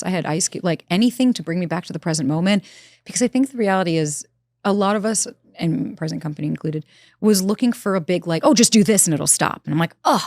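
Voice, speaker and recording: A woman's voice: on the low side, dry recording, clean studio sound. A woman who works as a relationship expert, talking emphatically as a guest in a podcast interview and acting out what her clients said. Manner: emphatic, acts out quotes from clients. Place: recorded in Los Angeles.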